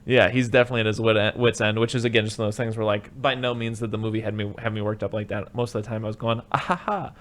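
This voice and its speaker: A man's voice: on the low side, little pitch movement, rapid-fire, few pauses. A man hosting a casual movie podcast, swearing freely and acting out characters' lines in a raised voice. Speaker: podcast host.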